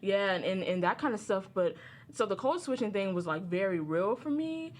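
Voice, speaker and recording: A woman's voice: medium pitch, animated, moderate pace, a little hiss or hum. A woman in her twenties co-hosting a podcast, chatty and hesitant in casual chat. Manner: chatty, hesitant, many fillers. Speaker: podcast co-host.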